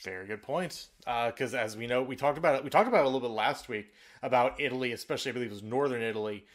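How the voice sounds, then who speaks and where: A man with a middle-pitched voice hosts a casual sports chat. He is easygoing and steers the talk from one segment to the next. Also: very fast. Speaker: podcast host.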